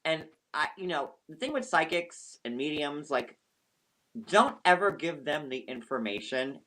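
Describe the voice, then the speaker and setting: Guy on a live stream telling a wild story, all animated and swearing for emphasis. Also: a little high, a little slow. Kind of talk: casual storytelling.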